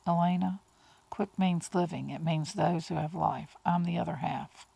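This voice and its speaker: A woman reading the lines of a brooding centuries-old male vampire, quiet, flat and hard. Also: fairly low pitch, moderate pace, vocal fry, slightly rough, no echo, heavily acted. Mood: bitter.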